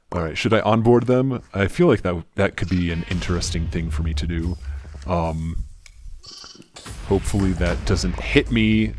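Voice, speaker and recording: Man, deep voice, muted mumbly low-energy gameplay commentary, understated. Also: slight background noise. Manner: soft, muted, mumbly delivery. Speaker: gaming channel host.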